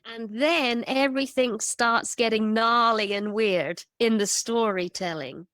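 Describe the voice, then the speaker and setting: Brief: woman guest, lively emphatic storyteller, slightly high voice, close and dry. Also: a little slow, no room sound. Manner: animated, vivid storytelling with emphatic lists. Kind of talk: casual storytelling conversation.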